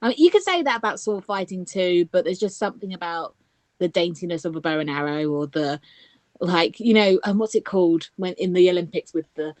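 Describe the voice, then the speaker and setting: A woman's voice: fairly low pitch, lively intonation, brisk, dry recording. A woman co-hosting a casual film review chat, laughing easily and moving the talk along. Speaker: podcast co-host.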